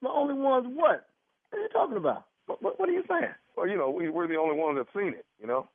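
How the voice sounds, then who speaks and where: A man's voice: high voice, very animated, fast, slightly rough, no echo. A man making a prank phone call on a morning radio show, stammering and sheepish, heard over a phone line. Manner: stammering, sheepish caller trading with an outraged husband. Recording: dry, tinny phone line.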